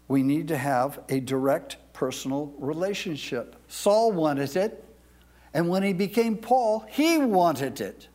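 A man, a pastor, delivers a dramatic sermon in a high voice, alternating between loud declamation and quiet near-whispers while drawing out words for emphasis.

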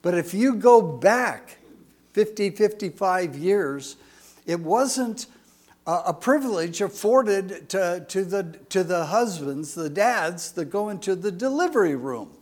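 A man's voice: sits high, expressive, slow pace, a little mellow. An older man in his sixties preaching a folksy sermon, chatty and rambling, with jokes and asides.

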